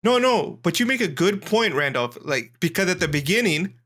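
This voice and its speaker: Bright, excitable man asking questions. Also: high-pitched, normal speed. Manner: playful, excitable, asks lots of questions. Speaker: podcast co-host. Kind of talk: casual chat, reacting to a trailer.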